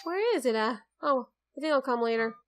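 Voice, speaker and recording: Woman, young adult, gamer, chatty, wisecracking, fairly high-pitched. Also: lively intonation, brisk. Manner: chatty and wisecracking about the game. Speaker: let's play gamer. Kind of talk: casual gameplay commentary. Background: faint game music.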